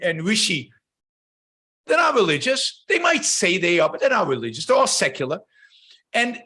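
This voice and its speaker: A man's voice: high voice, sharp tone. A middle-aged man hosting a show, giving opinionated, emphatic commentary with lots of fillers and restarts. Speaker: show host. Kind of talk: casual livestream commentary.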